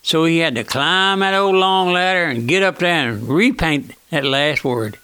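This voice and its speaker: Man, pastor preaching a sermon, folksy and earnest, bright forceful voice, fairly high pitch. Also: smooth, no echo. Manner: earnest, keeps calling out "my friend", slows down to read scripture; folksy, plain-spoken. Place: church auditorium.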